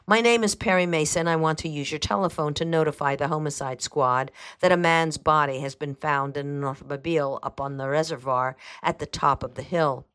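A woman's voice: low-pitched, fairly quick, few pauses, a bit bright, clear, resonant tone. A woman reading aloud, voicing a confident male lawyer who speaks firmly and presses for answers. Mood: insistent. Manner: firm, insistent.

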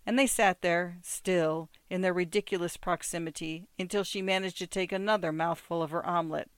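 A woman narrating a literary novel in a measured, understated way. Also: on the low side, fairly even intonation, clean tone, no echo. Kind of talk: reading a literary novel aloud.

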